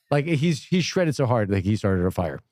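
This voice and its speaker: A man's voice: mid-range voice, normal speed, no echo, studio quality. A man, a podcast guest, telling a long story in casual chat, acting out the voices of the people in it. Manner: animated, acts out quoted voices.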